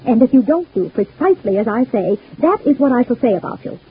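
An actress playing a scheming, cruel wife in an old-time radio soap, talking with cold, scornful menace. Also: female voice, fairly high pitch, sing-song, a little fast, full character voice. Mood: menacing. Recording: husky lo-fi old radio broadcast.

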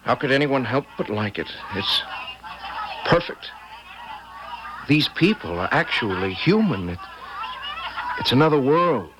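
A man's voice: mid-range voice, sing-song, unhurried, long pauses, noisy background. An actor playing an earnest, timid village boy who stammers and worries aloud. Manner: stammering, anxious, easily upset.

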